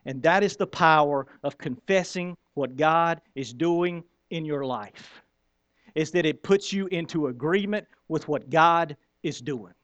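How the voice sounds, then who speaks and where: A man preaching a sermon in an animated, conversational storytelling manner. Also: on the high side, unhurried, no echo. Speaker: pastor.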